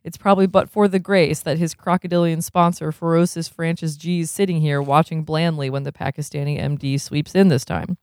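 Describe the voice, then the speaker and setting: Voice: medium pitch, fairly even intonation, a little fast, few pauses, darkish tone, dry recording, studio quality. A reader reading a novel aloud, chuckling often and breaking off for casual comments.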